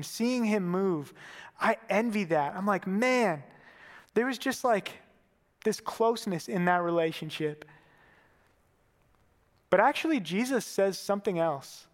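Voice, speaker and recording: A man delivers a sermon in a relaxed, chatty way, like he is talking with friends. His voice sits high for a man. A long reverb trails behind each phrase, as in a large hall. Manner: casual and conversational, with fillers like "man". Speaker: preacher.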